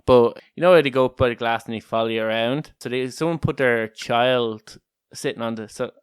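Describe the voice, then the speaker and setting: A young man with a soft Kildare accent hosts a casual podcast chat. He rambles through stories, swears freely and breaks into laughter. His voice is smooth and clear, recorded close in a dry room. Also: medium pitch, fairly quick, no room sound. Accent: Irish, Kildare. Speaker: podcast co-host.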